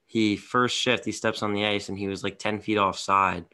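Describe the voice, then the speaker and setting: Deep flat-voiced man, bright tone. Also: normal speed. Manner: rambling, blunt opinions. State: tired. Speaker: podcast co-host. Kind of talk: casual hockey podcast chat.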